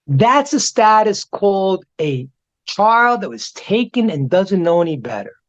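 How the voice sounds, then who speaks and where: A man, a rabbi teaching a class, telling stories in an animated way and often repeating words as he restarts. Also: high voice. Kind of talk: storytelling lesson. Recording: dull lo-fi recording.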